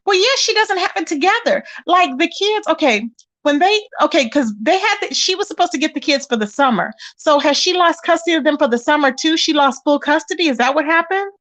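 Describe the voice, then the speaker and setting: High voiced lady chatting on her live stream, animated, calls everyone child and baby. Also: fairly quick. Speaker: livestream host reading chat. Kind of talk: casual chat.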